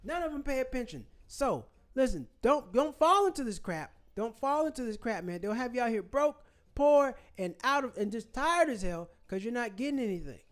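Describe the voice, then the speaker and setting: A man's voice: very high-pitched, big pitch swings, moderate pace. A man hosting his own channel, ranting in a fired-up, preachy way and repeating phrases for emphasis. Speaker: channel host. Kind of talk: ranting commentary vlog.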